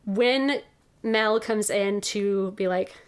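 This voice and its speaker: A young woman co-hosting a podcast, chatting casually and rambling excitedly about a story she loves. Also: mid-range voice, slow pace. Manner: rambling and excitable, acts out characters' lines. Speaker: podcast co-host. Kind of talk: casual fan chat.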